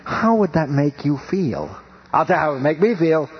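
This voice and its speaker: A man's voice: sing-song, moderate pace, slightly rough. A middle-aged man preaching a sermon in an emphatic, rhythmic style, rising and falling for effect. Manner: emphatic, rhythmic preaching with wide swings in pitch and volume. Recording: dull lo-fi radio broadcast.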